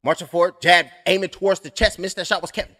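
A man's voice: sits high, level tone, fast talker, sharp tone. A young adult man calling a fight blow by blow on a live stream, rambling and cursing with joking asides. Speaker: fight commentator.

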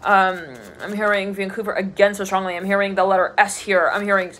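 A woman's voice: mid-range voice, level tone, brisk, fairly bright tone, a little hiss or hum. A woman giving a casual tarot reading, chatty and rambling, laughing often and filling her talk with loose asides. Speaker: tarot reader.

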